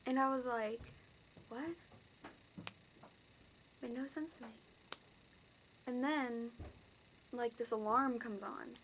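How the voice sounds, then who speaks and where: Teen girl, bright-ish voice, rambly vlog storytelling, faint room hiss. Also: on the high side, steady tone, slow pace, pauses often, poor audio. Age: teens. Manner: rambling, filler-heavy, breathless retelling. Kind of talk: casual storytelling to camera.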